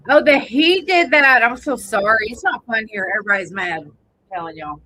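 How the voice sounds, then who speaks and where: A woman's voice: on the high side, animated, brisk, pushed and bright, low-quality recording. Chatty woman radio host. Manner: chatty, loose and rambling, greets listeners by name. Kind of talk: casual morning radio chat. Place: radio studio.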